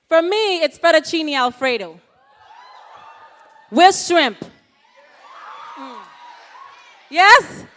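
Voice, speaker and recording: A woman giving a lively motivational talk at a youth ceremony, animated and often asking the audience questions. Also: high-pitched. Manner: animated, asks the audience questions, calls out "yes, yes?". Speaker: motivational speaker. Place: ceremony hall.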